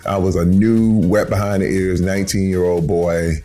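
A man's voice: sits low, steady tone, normal speed, dark tone, faint music behind. A man in his fifties from Flint, Michigan, telling his story in a hesitant, self-deprecating way, with many restarts and fillers. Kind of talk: casual storytelling chat.

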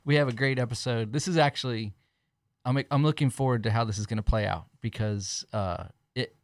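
A man's voice: mid-range voice, a little fast, no echo, studio quality. A man hosting a casual podcast, chatty, laughing often and restarting his sentences as he talks. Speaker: podcast host.

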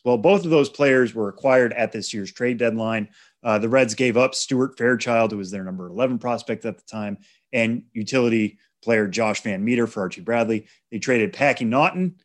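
A man co-hosting a sports podcast, calmly walking through prospect trades and statistics. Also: mid-range voice. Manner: measured, stat-heavy explaining. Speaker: podcast co-host. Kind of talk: casual sports chat.

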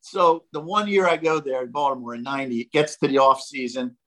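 An older man, a former ballplayer, telling animated stories as a podcast guest and acting out the quotes. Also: medium pitch, a little fast, low-quality recording. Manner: animated, jokey storyteller who acts out quotes. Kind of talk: casual storytelling.

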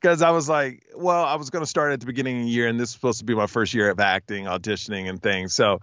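A man telling stories in a casual podcast interview, with a smooth radio-announcer voice. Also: mid-range voice, fast talker, fairly bright tone, dry recording, dull audio. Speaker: podcast guest, TV host and stand-up comic.

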